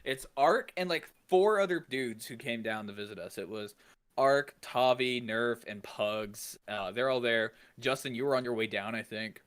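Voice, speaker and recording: A man co-hosting a podcast in casual chat, telling stories in an animated, profane way. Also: medium pitch, normal speed, clean tone. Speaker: podcast co-host.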